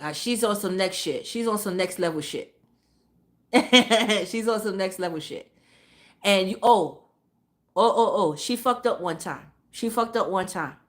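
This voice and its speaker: Woman streamer, casual ranting storytime, salty and emphatic, mid-pitched voice. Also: measured pace. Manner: profane, emphatic, repeats phrases for emphasis. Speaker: live streamer.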